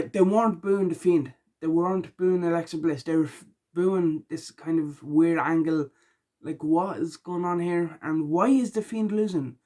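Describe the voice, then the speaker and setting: A tired man talking casually through his reactions, rambling with lots of ums and likes, and rising loud and high when he gets annoyed. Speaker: wrestling reaction vlogger. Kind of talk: casual spoken reaction vlog.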